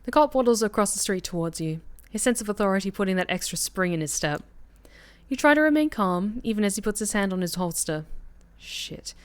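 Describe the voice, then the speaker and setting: Speaking quickly in a medium-pitched voice, a woman livestreams a story game, lively as she reads out the narration and talks back to her audience.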